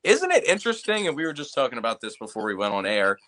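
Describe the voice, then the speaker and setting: A man's voice: mid-range voice, very animated, quick pace, pushed and bright. A man co-hosting an interview, chatting casually and playfully, laughing often.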